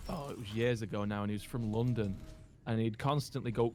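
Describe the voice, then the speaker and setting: A man's voice: lowish voice, brisk, a little mellow. A young man chatting casually while gaming, joking and laughing often. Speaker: gaming co-player. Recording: game sounds and noise underneath.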